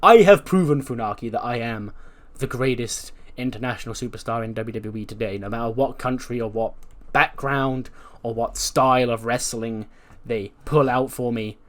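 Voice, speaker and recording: Boastful male wrestling champion with an American accent, as a man puts him on, brash and full of himself. He talks big and in a middling pitch, a swaggering cocky showman in a video game commentary. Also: moderate pace, natural voice. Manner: brash, self-important.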